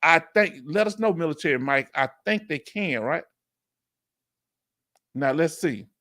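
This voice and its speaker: A man from Houston with a Southern accent hosting a casual veteran livestream Q&A, reading viewer comments aloud in slangy, animated talk. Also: fairly high pitch, measured pace. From Houston, Texas.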